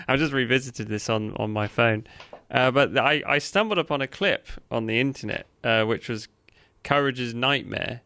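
A man with a gravelly, bright-toned voice co-hosting a podcast. He talks casually and laughs often, with fillers and restarts between his points. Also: medium pitch, moderate pace. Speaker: podcast co-host. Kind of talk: casual chat.

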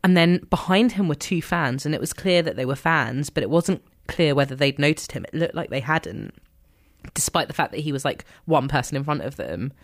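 A young woman tells a story in lively, excitable bursts. Her pitch swings widely as she acts out what she and others said. She laughs often along the way. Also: brisk. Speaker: guest telling a fan story. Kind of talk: animated storytelling in a chat.

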